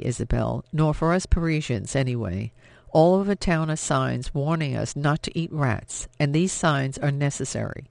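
A man's voice: fairly high pitch, creaky, darkish tone, no room sound. A man playing a bitter, drinking middle-aged father who speaks in a weary, stern manner.

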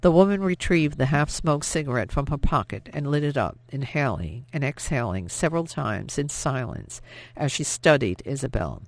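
A man reading an audiobook in scripted narration, measured and even. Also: medium pitch.

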